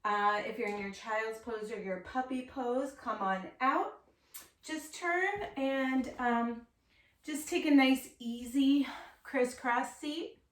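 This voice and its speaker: A woman teaching a yoga class, calmly and slowly cueing poses and breaths. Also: fairly high pitch, far from the mic. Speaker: yoga instructor. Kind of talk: guided yoga class instruction. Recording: echoey room, voice set back from the mic.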